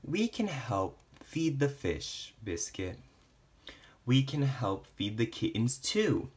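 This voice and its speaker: A man reading a picture book aloud to children, gently, with playful barks and meows for the animals. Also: medium pitch, very animated, takes it slowly, a little hiss or hum. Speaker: storytime reader.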